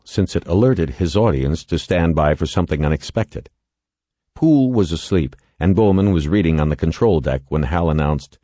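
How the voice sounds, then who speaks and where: A man narrating a novel as an audiobook in a measured, expressive way. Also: deep voice, no echo. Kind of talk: scripted narration.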